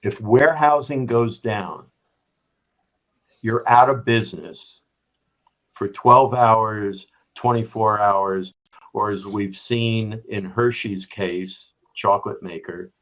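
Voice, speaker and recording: A middle-aged or older man, a business strategy executive, appears as a guest on a remote podcast, explaining his points conversationally through examples and often checking in with "right?". His voice is fairly low, slow and a bit bright, and the audio is poor.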